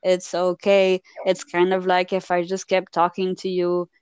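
A woman's voice: fairly low pitch, completely flat delivery, a little slow, highs cut off, background noise. A young woman from France with a Parisian French accent, co-hosting a casual podcast chat and laughing often. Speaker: podcast co-host.

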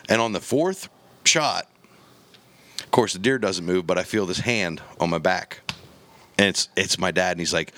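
A man with a deep, low voice tells a story in easy, casual podcast chat. He acts out the people he quotes and booms out the gunshots himself. The sound is dry and close. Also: animated, normal speed, fairly bright tone, no echo. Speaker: podcast guest telling a hunting story.

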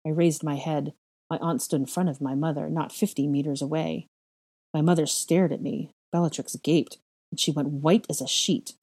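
A woman narrates a first-person story in a measured, quiet manner. Her voice sits low, with a husky, dark tone. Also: fairly even intonation. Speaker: reader of a fan fiction story.

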